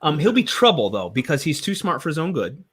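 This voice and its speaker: A man co-hosting a casual panel chat about writing comics, talking in a halting, rambling way with many fillers. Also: fairly high pitch, very animated, fairly bright tone, breathy edge. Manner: rambling, halting, laughs often. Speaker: co-host, comic writer.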